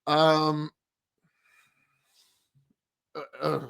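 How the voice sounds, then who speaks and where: A man's voice: on the high side, completely flat delivery, drawn-out words, creaky, a bit bright, smooth. A man streaming live, giving rambling, emphatic commentary as he reacts to his chat, hammering points home by repeating them.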